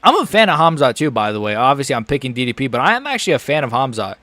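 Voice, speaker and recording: A nervous young man on a live stream reacting to a fight, rambling to chat, muttering low and then yelping high. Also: very animated, very fast, pushed and bright, no room sound.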